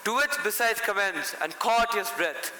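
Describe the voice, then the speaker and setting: A dutiful messenger servant, played by a young man in a school stage production. He announces formally in a bright, cutting voice that rings around a roomy hall. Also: high voice, lively intonation, normal speed, heavily acted. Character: dutiful young male servant bringing news. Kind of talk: stage play acting. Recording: echoey hall, faint hiss.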